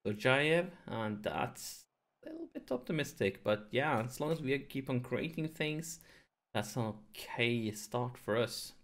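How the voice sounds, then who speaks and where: A man hosting a let's play, commentating his football management game, nervous and excited, keeping his voice down at home late in the evening. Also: mid-range voice. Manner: excitable, nervous, talks to viewers; deliberately holds his voice down to avoid waking neighbors.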